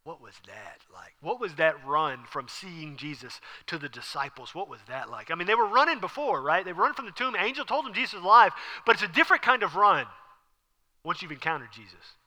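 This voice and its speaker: Brief: animated male pastor, high, very bright and forceful voice, echoey hall. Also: a little fast. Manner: animated, conversational preaching with asides and laughs. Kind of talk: sermon.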